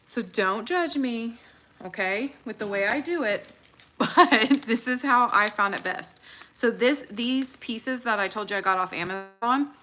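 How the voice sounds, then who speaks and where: Woman, livestream host, bright tone, chatty and excitable, quick to laugh. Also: on the high side. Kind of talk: casual livestream chat.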